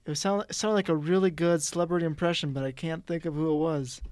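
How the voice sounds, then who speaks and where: A woman's voice: deep voice, steady tone, fast, a little mellow, dry recording. A young woman co-hosting a campus radio talk show, easygoing and explanatory. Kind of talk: casual chat.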